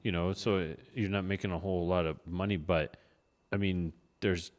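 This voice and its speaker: A man co-hosting a casual movie-review podcast, laid-back and quick to laugh. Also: deep voice, steady tone, long reverb tail. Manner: laid-back, laughs often, trailing asides. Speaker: podcast co-host.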